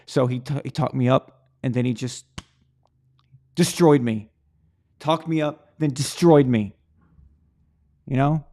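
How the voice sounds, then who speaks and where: Gravelly-voiced man hosting a rambling sports stream. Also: mid-range voice, unhurried, pauses often, mellow. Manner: rambling, stumbling restarts and repeated words. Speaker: live show host. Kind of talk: casual sports talk livestream.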